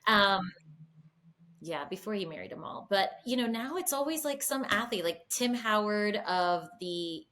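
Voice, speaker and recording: A woman's voice: medium pitch, animated, measured pace, fairly bright tone, a little hiss or hum. Chatty woman co-hosting an interview. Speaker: podcast co-host. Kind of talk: casual interview talk.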